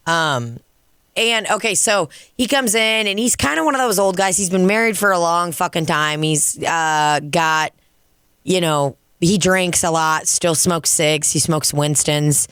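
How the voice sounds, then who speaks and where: A woman comedian co-hosting a podcast, telling stories in a casual, profane, animated way. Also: fairly low pitch, unhurried, clean tone, no room sound, clean studio sound. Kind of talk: casual podcast chat and storytelling. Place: dining room.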